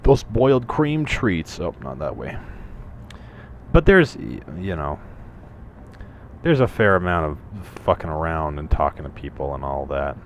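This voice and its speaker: Low-voiced guy for loose, profane let's-play commentary, wandering off on tangents, faint hiss underneath. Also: big pitch swings, a little slow. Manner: rambling, profane, jokey asides. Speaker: gameplay commentator. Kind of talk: casual gameplay commentary.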